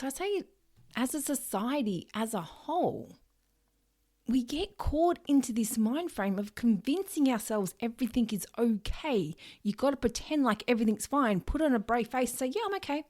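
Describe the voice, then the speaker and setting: An Australian woman hosts a solo podcast, speaking earnestly and directly with the occasional swear word. Her voice sits a little high and sounds animated and slightly mellow at a normal pace, and she acts out everyday phrases as she talks.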